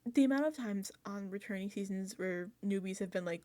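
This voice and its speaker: Young woman, chatty recap host, animated storytelling, acts out everyone's reactions, casual close-mic delivery. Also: mid-range voice, brisk, few pauses. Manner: chatty and excitable, laughs often. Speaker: reality show recap host.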